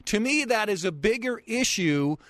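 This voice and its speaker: A male radio host with a fairly high voice debates his guest in a measured tone, often restarting his sentences. He sits close to a studio microphone in a dry, dead room. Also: lively intonation, a bit bright, no echo. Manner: measured, interjecting, halting restarts.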